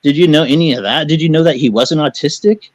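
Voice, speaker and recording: A man's voice: on the high side, fast, dry recording, poor audio. A man talking as a caller on a live stream, agitated and defensive, swearing a lot and rambling as he justifies himself. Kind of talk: heated live-stream talk.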